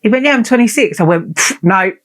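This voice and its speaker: A woman's voice: medium pitch, animated, a little fast. A woman, hosting a podcast and telling a story in a blunt, sweary, chatty and self-mocking way. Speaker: podcast host. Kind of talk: casual storytelling monologue.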